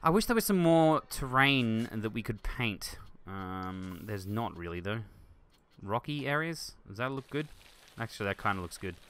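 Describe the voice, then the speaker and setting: A man hosting a game video, thinking aloud and getting excited as he chats to objects on screen. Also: lowish voice, normal speed, clear, resonant tone. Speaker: gaming video host. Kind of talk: let's play commentary.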